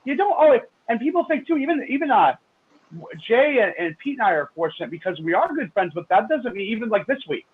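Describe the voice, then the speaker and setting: A man co-hosting a radio talk show, chatting excitably with large jumps in pitch. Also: quick pace, slight background noise. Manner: excitable, with big swings in pitch. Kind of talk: casual talk-show chat. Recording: phone-line call-in audio.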